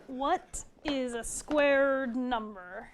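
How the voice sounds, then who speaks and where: A woman's voice: sits high, extremely slow, a little hiss or hum. A woman teaching math on a live call-in TV show, patiently counting things out step by step. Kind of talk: live TV lesson. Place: TV studio.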